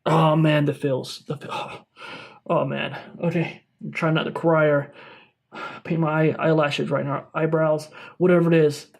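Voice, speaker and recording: A young man hosts a tongue-in-cheek tech review, gushing and over-dramatic. His voice sits a little high for a man. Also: flat delivery, unhurried, vocal fry. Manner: over-dramatic, exaggerated enthusiasm. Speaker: tech YouTuber. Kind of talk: mock-serious product review skit.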